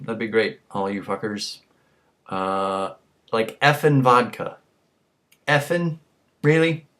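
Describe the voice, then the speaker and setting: A man's voice: on the low side, a bit bright. Tipsy man ranting profanely. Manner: crude, ranting, swears constantly. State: tipsy from drinking. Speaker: vlogger. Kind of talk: rambling profane monologue to camera.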